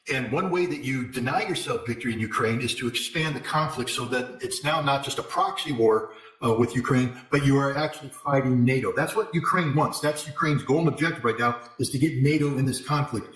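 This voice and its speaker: A male interview guest giving forceful political commentary, hammering points with repetition and sarcastic asides. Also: medium pitch, a little fast. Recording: echoey room.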